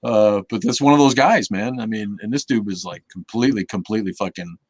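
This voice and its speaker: Male live-stream host, somewhat low voice, rambling casual delivery with swearing, dry close sound. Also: brisk, no echo. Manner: rambling, profane, many restarts and fillers; reads chat comments aloud and reacts.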